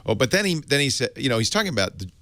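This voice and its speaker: A man's voice: medium pitch, sing-song, racing, sharp tone, dry recording. A man hosting a tech podcast in casual chat, joking and laughing often. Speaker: podcast host.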